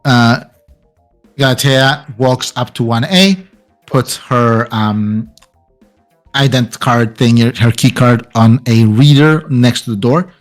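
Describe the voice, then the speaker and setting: A man narrating as game master of a tabletop game, halting with fillers and restarts. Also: medium pitch, soft background music. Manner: hesitant, many fillers and restarts.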